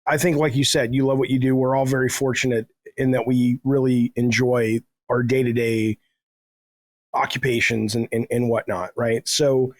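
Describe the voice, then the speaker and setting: A man's voice: medium pitch, flat delivery, normal speed, no echo. A middle-aged man telling rambling, self-deprecating stories in a casual podcast chat, swearing freely. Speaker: guest, game developer.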